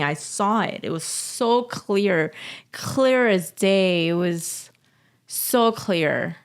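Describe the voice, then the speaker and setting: A woman telling a personal story as a podcast guest, emotional and halting, often laughing. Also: fairly low pitch. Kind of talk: casual interview storytelling.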